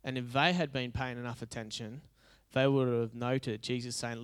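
Male pastor, sermon, resonant clear voice, humorous, emphatic repetition. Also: mid-range voice, steady tone, moderate pace.

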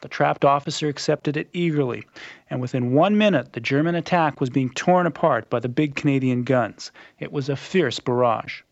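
Man, scripted narration, gravelly, dry close sound, dull lo-fi audio. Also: medium pitch, no echo. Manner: measured, dramatic storytelling. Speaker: documentary narrator. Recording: muffled lo-fi radio recording.

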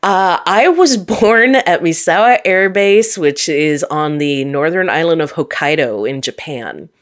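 Guest: deep-toned woman, Upper Midwest accent, chatty and quick to laugh. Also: expressive. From North Dakota. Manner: chatty, laughs often, frequent ums. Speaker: guest scientist. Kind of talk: casual interview chat.

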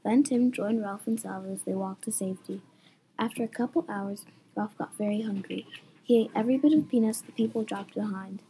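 A young woman reading a story aloud in a plain, even storytelling way. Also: medium pitch, a little hiss or hum, rough recording. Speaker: story reader.

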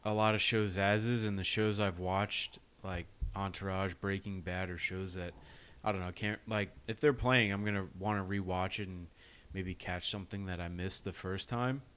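A man co-hosts a podcast, talking in a relaxed, rambling way. His voice is on the low side and smooth and resonant. He keeps it easygoing. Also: moderate pace. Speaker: podcast co-host. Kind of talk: casual chat.

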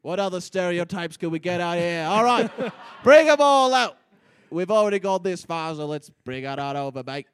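A man's voice: on the high side, fairly even intonation, fairly quick, few pauses, clean tone, dry recording, natural voice. A man voicing a blustering con man with a put-on Australian accent, pushy and baiting others in an improvised comedy scene. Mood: swaggering. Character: blustering male con man calling himself Kangaroo Jack.

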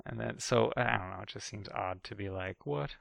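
Gravelly-voiced man in casual chat. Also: on the low side, fairly even intonation, normal speed, a bit bright, dry recording. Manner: rambling, restarts often, mimics others in quotes. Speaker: podcast co-host.

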